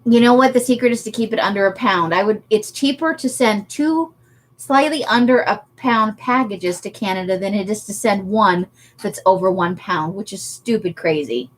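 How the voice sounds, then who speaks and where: A woman's voice: medium pitch, normal speed. A woman chatting casually on a craft livestream, laughing often as she answers viewer comments. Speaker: livestream host.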